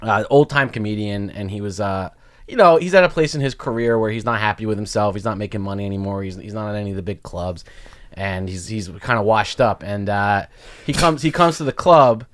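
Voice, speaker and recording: A stand-up comedian co-hosting a comedy podcast casually tells stories, acting out the people in them and their quotes with animation. His voice is fairly low and a little fast.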